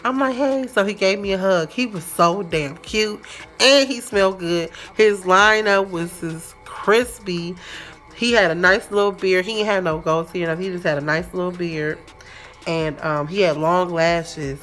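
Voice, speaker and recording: A woman telling a story in a casual, chatty vlog, animated and full of slang. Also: lowish voice, unhurried, faint music behind. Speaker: vlogger.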